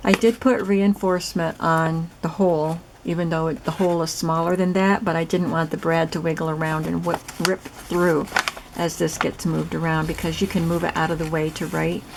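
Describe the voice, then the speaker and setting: A woman's voice: on the low side, steady tone, moderate pace, vocal fry. A woman host chatting casually as she demonstrates a crafting project, explaining each step. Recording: noisy recording with clicks.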